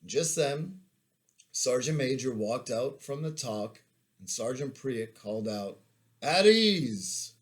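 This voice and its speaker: A man, an army veteran, reading his own memoir aloud in a measured, plain-spoken way. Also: medium pitch, darkish tone.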